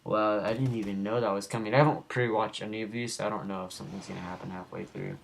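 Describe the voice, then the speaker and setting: Over his gameplay footage, a young man hosting a gaming channel chatters casually and rambles, goofy and quick to lose the thread. He talks fast with a gravelly, lowish voice and fairly even intonation, recorded at home with faint background noise.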